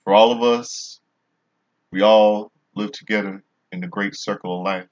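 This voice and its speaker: A man's voice: lowish voice, steady tone, measured pace, lo-fi sound. A man casually reviewing a wrestling show in a vlog, rambling and often restarting his sentences.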